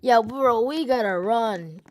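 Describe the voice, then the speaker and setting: A woman hosting a gaming video, giving excitable, panicky commentary that keeps repeating itself and breaking into yelps. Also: a little high, slow pace.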